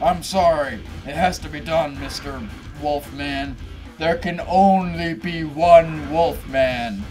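Brief: excitable let's-play gamer, slow drawn-out delivery that breaks into yelps, laughs and swearing, game music loud underneath. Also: medium pitch. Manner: laughs often, swears casually. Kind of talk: gameplay commentary.

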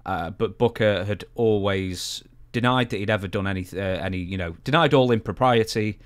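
Englishman co-hosting, low voice. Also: normal speed. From England. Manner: chatty, many "uh" fillers, clarifies facts. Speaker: co-host. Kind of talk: casual chat, reading news.

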